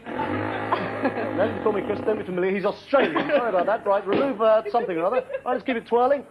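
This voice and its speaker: A man's voice: high-pitched, huge pitch swings, quick pace, loud music behind the voice, heavily acted. A man playing a flustered, apologetic game show host who keeps giggling in a comedy sketch. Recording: dull recording with loud studio audience and noise.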